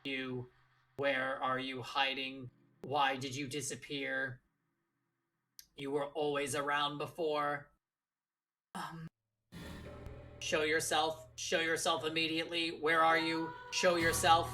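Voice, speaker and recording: A woman's voice: low-pitched, little pitch movement, takes it slowly, long pauses, sharp tone, recorded from a distance, full character voice. A woman voicing a haunted, violent man who calls himself a beast, in a tormented, desperate manner. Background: game music.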